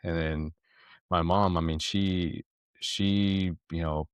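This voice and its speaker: A man with a deep, low voice tells a family story on a parenting podcast. He rambles and restarts often, and his tone turns reflective. The sound is dry and close, with no room around it. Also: fairly even intonation, slow, clean tone, no room sound. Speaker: podcast co-host. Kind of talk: casual storytelling chat.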